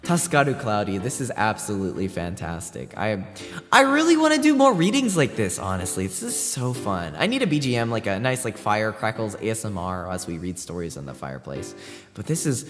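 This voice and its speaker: A man's voice: lowish voice, wildly swooping pitch, a little fast. A man streaming, chatting casually and reading a fanfic aloud, bubbly and effusive with frequent giggles. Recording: long reverb, faint background music.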